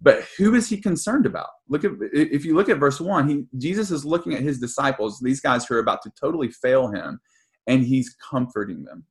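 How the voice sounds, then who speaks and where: A young man gives a sermon in a relaxed, conversational way. He sounds earnest and often stops to say um or restart a phrase. His voice sits at an ordinary middle pitch. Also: a little fast. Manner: casual and earnest, with frequent ums and restarts. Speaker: pastor.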